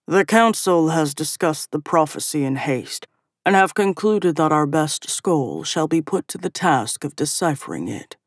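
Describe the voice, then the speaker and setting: Brief: a woman doing a stern, deep-voiced ancient man on a throne, formal and commanding. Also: animated, unhurried, no echo, studio quality, exaggerated voice. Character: stern ancient male council ruler.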